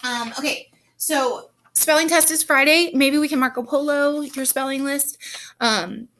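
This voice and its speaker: A woman's voice: sits high, a little slow, a bit bright, a little hiss or hum. Chatty woman teaching a kids' lesson. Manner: chatty, explains with examples, many ums. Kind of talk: recorded grammar and spelling lesson for children.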